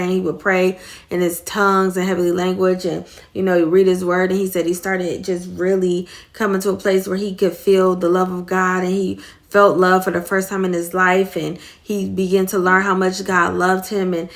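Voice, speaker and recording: Middle-aged woman host, lowish voice, earnest and rambling, retelling a story in casual faith talk. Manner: rambling, earnest, many fillers.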